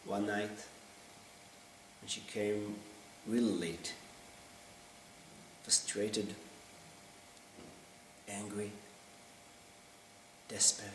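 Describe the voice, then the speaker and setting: A man performing a theatrical monologue in an intense, halting, confessional way. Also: lowish voice, little pitch movement. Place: theater stage. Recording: roomy stage sound from far off, faint hiss.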